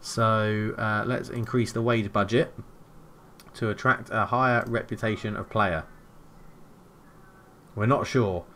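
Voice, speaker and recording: An excitable man narrates his own football management game in a casual play-by-play, musing out loud between plays. He speaks unhurriedly at a medium pitch.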